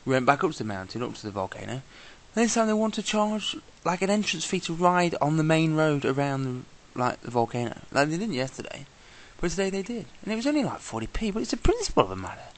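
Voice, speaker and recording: Gravelly, animated man ranting. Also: a little high, fast, hardly any pauses. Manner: exasperated, swears, imitates people. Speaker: traveller vlogger. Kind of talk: casual travel vlog rant.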